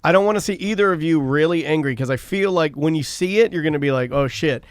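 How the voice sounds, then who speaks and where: Playful male podcast co-host, fairly high voice. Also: quick pace, no room sound, clean studio sound. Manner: joking, laughs often, hams up a shouty bit. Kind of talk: casual banter.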